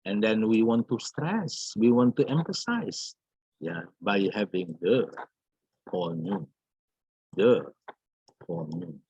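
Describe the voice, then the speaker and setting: A man teaching an English grammar lesson, slow and repetitive, often calling out "everybody" and "yeah". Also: on the low side, animated, mellow, slightly rough, no echo. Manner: slow, repeats phrases, calls out "everybody" and "yeah". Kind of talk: recorded online grammar lesson. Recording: dull lo-fi recording.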